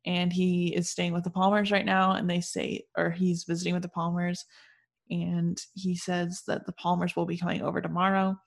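Give me a woman with a lowish voice casually retelling a book's plot. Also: level tone, moderate pace, vocal fry. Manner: chatty, storytelling, lots of "like". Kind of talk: casual book-recap chat.

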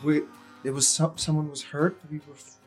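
A man's voice: fairly high pitch, level tone, moderate pace, a little mellow, faint music behind. A young man playing a tabletop game, talking casually and hesitantly. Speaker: player.

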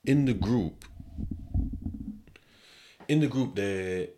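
A man with a very deep, low voice talks through a casual solo podcast monologue. His storytelling is animated and slang-heavy, full of repetition, and it jumps between quiet asides and loud bursts. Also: very slow. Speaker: podcast host.

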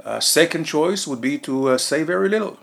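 A man co-hosting a policy podcast, laying out his points one by one in a deliberate way with many "uh" fillers. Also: fairly high pitch, animated, vocal fry. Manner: deliberate, heavy on "uh" fillers, lists points in order. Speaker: podcast co-host, former diplomat. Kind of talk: analytical podcast discussion.

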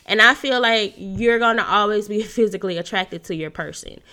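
Young woman host, stuffy nose, relaxed chatty advice with frequent laughs and "you know"s; crisp bright tone. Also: medium pitch, fairly quick. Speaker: podcast host giving dating advice. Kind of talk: casual solo talk.

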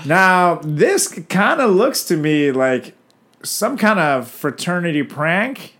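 A man co-hosting a comedy podcast, chatting casually with an animated, teasing, joking manner. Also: on the high side, takes it slowly, noisy background. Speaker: podcast co-host.

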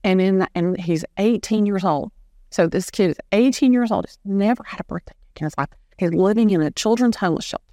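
A middle-aged woman, an animated storyteller who acts out the dialogue she quotes. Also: medium pitch, fairly quick, no room sound, clean studio sound. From Southern US. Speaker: guest, real estate agent. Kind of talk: storytelling in an interview.

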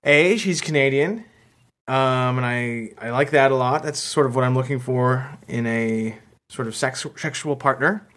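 Hesitant deadpan male podcast host. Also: medium pitch, a little slow. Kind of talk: comedy podcast chat.

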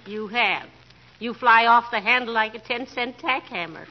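An actress playing a patient middle-aged wife in a 1940s radio comedy, scolding gently and teasing dryly. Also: female voice, on the high side, moderate pace, natural voice. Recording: muffled 1940s radio broadcast with clear hiss.

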